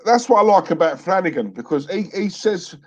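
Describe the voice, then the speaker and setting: A man's voice: sits high, expressive, a little fast, lo-fi sound. A man co-hosting a live stream, chatting casually and laughing often. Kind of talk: casual chat.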